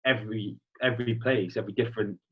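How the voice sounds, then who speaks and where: A young British man chatting casually as a podcast guest, swearing now and then and telling a joke with lively, animated delivery. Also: fairly low pitch, fast. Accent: British English. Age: young adult. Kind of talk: casual chat. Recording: husky voice, dull lo-fi sound.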